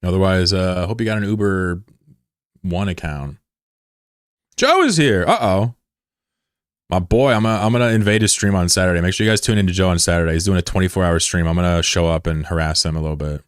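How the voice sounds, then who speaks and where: A man in his thirties from the United States, chatting casually on a live stream with swearing and sudden high yelps of surprise. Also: steady tone, quick pace, clean tone, no room sound, studio quality. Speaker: game streamer.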